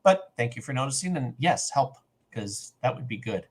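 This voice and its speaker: Podcast co-host, male, animated and lively, slips into quoted voices. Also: mid-range voice, normal speed, husky. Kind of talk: casual chat.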